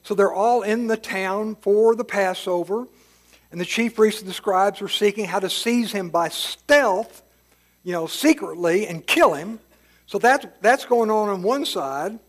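A man's voice: sits high, a little slow. A man teaching a Bible passage in a casual, folksy way, paraphrasing the story in plain words with asides. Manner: restarts and fillers, chuckles at times.

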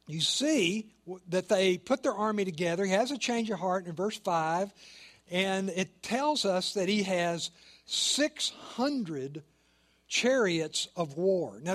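A man preaching a sermon, reading scripture aloud and explaining it with joking stories and asides. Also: high voice. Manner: animated storytelling with joking asides and laughs; reads scripture aloud, then explains it in plain talk. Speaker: pastor.

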